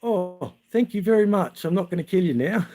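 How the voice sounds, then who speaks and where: A man voicing his big, chubby young mate, shouting high and strained. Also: expressive, brisk, soft background music. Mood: relieved.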